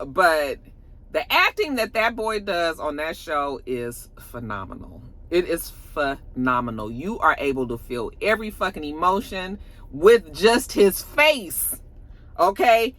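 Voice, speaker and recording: Casual video reviewer recapping a TV episode with big, animated reactions. The voice is bright and forceful, and the talk is loose and full of swearing. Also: mid-range voice, measured pace. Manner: animated, expressive, swears freely. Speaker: TV show reviewer.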